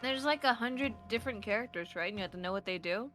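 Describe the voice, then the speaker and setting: A woman's voice: fairly high pitch, fast talker, a bit bright, soft background music. A woman co-hosting a stream, chatting and teasing playfully about games. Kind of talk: casual chat about games.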